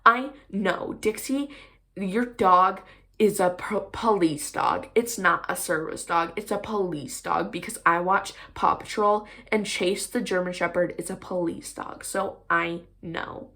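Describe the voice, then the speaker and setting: A man's voice: high voice, a little slow, creaky, sharp tone, exaggerated voice. A woman voicing a small boy who insists he knows better, repeating himself stubbornly. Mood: insistent. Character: know-it-all little boy, insistent.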